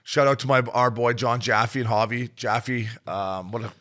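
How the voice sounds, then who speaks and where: A man co-hosting a podcast, chatting casually and cursing freely as he rambles through a story. His voice has a bright, forward ring. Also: mid-range voice, moderate pace. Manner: loose, profane storytelling. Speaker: podcast co-host. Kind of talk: casual chat.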